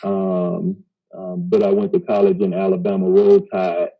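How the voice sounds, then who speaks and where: A man's voice: low voice, level tone, normal speed. A man from Mississippi with a Southern accent, a social worker on a panel, friendly and down-to-earth with filler words. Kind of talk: casual panel discussion. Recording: dull lo-fi recording.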